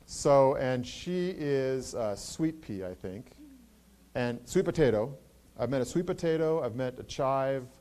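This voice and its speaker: During a Q&A at a campus address in a university event hall, a man in the role of university president responds earnestly to audience questions. He hesitates a lot and leans on fillers, and his mid-range voice has a darkish tone.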